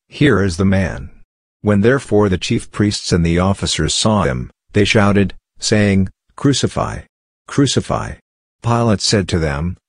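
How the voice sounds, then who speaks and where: A man giving a steady, measured scripted Bible reading. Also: low-pitched, no room sound. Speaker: scripture reader.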